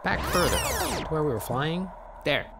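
A man voicing a mischievous trickster raven who narrates an animated film, teasing and playful. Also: a little high, heavy background noise. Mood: sly. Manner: teasing, slow storytelling with lively swings.

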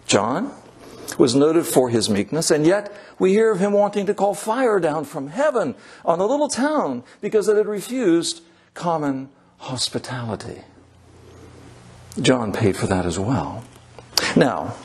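A male priest preaching a sermon in church. He is emphatic, repeats his key phrases and slows down to stress his points. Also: a little high, darkish tone, husky.

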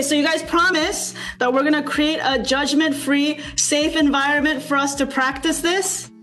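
A woman's voice: high-pitched, a bit bright. A woman leading a group over a video call, coaxing and asking lots of questions. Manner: slow, coaxing, asks many questions. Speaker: speaker leading a student workshop.

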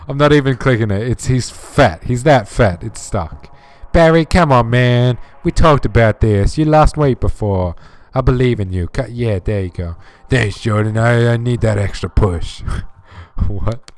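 A man hosting a horror game playthrough, joking and swearing as he talks to objects in the game. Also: mid-range voice. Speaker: let's play host.

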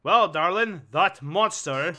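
A man voicing a flamboyant male robot game-show host with a melodramatic, drawn-out sarcastic delivery. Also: sits high, expressive, pushed and bright, full character voice. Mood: taunting.

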